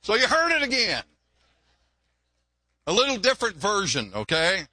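Folksy older pastor with a bright, high voice. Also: male voice, wildly swooping pitch, moderate pace, dry recording. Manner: folksy, joking, repeats words. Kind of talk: sermon.

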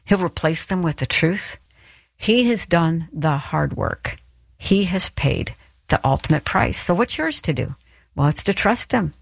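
A woman's voice: mid-range voice, dry recording, studio quality. A woman telling a personal story and then giving an earnest, encouraging devotional talk. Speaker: Christian speaker. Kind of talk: devotional teaching.

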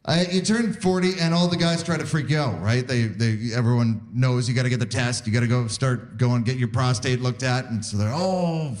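A man's voice: mid-range voice, a little mellow. A man in his forties doing a self-deprecating stand-up set before a live crowd. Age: 40s. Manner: self-deprecating, acts out quick voices of others. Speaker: stand-up comedian. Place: live comedy theatre stage. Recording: live stage recording with crowd. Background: audience laughter.

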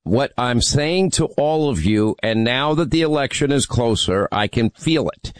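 A man's voice: mid-range voice, lively intonation, measured pace, dry recording. Emphatic man hosting a talk radio show. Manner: emphatic, teasing, rally-style delivery. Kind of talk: talk radio, taking calls.

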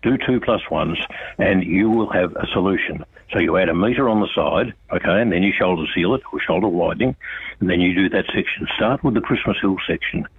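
An Australian man, a radio guest, talking bluntly and forcefully and repeating his points. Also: sits low, a little fast, breathy edge, no echo. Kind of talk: casual radio chat. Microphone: phone. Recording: tinny phone line.

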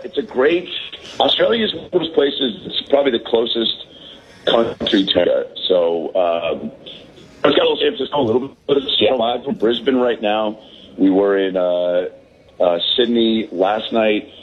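A man calling in by phone from a balcony talks in a low voice. He rambles and pokes fun at himself. The line is dull and muffled, with a faint hiss behind it. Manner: rambling, self-deprecating, full of fillers. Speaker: comedian guest calling in. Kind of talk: casual chat. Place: hotel balcony.

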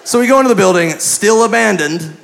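A man doing stand-up, telling a story in an animated, profane way and acting out the people in it, on a club mic. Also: high-pitched, fast, vocal fry. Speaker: stand-up comedian. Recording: live club mic with a noisy crowd.

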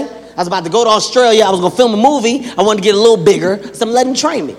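A man doing a stand-up comedy routine, telling exaggerated stories with shouted punchlines. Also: high voice, expressive, racing. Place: large performance hall. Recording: reverberant hall, faint background noise.

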